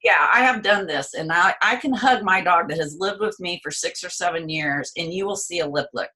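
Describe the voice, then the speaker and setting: Heard over a call line, this guest expert talks through pet behavior conversationally, at times putting words in a dog's mouth, during an interview. She speaks at a moderate pace in a fairly low, pushed, bright voice.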